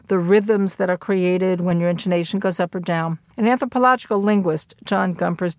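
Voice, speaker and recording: An older woman explaining linguistics in a measured lecture, with occasional fillers. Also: fairly low pitch, dry recording.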